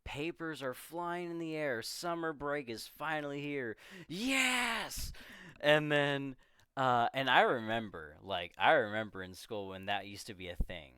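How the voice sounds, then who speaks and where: Brief: young male co-host, smooth clear tone, close dry mic, rambling, swears, acts out scenes. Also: medium pitch, normal speed, pushed and bright, no echo. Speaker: podcast co-host. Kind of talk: casual movie discussion.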